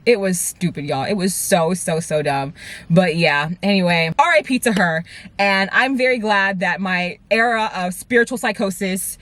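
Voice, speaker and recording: A woman in her twenties telling a dramatic storytime vlog to her viewers, with lively asides. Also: medium pitch, moderate pace. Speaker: vlogger. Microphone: camera mic.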